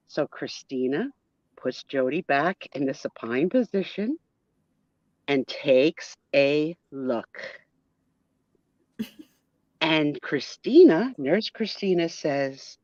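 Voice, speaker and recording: A woman's voice: low voice, lively intonation, slow pace, pauses often, a little mellow, dry recording. Chatty woman host, dull lo-fi sound. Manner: chatty, self-mocking asides. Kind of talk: playful doll storytelling on a live stream.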